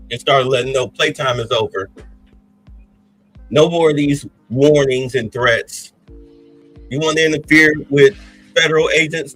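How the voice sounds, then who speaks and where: A man's voice: medium pitch, a bit bright, poor audio. A man hosting a podcast, giving heated, blunt political commentary in an agitated, ranting way. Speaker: podcast host.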